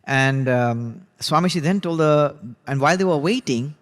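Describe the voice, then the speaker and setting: A man teaching a religious class, retelling a biography in a relaxed, conversational way with frequent asides. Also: a little high, moderate pace, big-room sound. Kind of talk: storytelling lesson.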